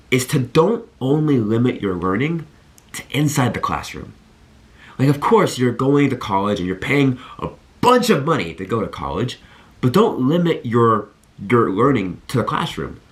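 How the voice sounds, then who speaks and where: A man in his twenties talking to camera, giving earnest and animated college advice and telling stories straight to his viewers. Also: medium pitch. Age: 20s. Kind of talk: energetic talk to camera.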